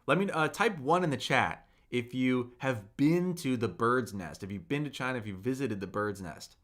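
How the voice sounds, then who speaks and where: A man teaching a livestreamed Mandarin lesson, slowly modeling words for viewers to repeat and chatting with the chat between them. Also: mid-range voice, expressive, a bit bright. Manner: slow, drawn-out modeling of words for repetition; chatty, reads viewer comments aloud.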